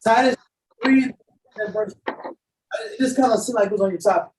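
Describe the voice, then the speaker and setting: A woman's voice: on the high side, moderate pace, darkish tone. Woman student asking a question, hesitant, far off in an echoey room. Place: classroom. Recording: distant, echoey, faint noise.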